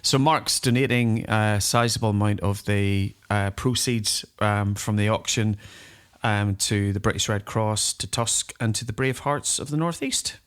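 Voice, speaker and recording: A man co-hosts a rock podcast, speaking in a somewhat low voice. He rambles through news and anecdotes in easy casual chat, dotted with ums and uhs. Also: a little slow, clear, resonant tone. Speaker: podcast co-host.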